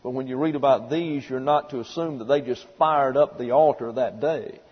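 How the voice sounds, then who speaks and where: A man delivers a Bible teaching in a relaxed, folksy way, stopping to spell out unfamiliar words. His voice is a little husky. The recording is dull and lo-fi, with a long hall reverb trailing behind him. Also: medium pitch, normal speed. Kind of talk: sermon lecture.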